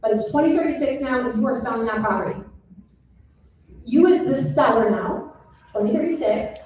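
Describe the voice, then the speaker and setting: A woman's voice: fairly high pitch, mellow. A woman mortgage lender giving a seminar presentation, explaining step by step and checking in with the audience. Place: seminar room. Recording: echoey room, mic far off, faint noise.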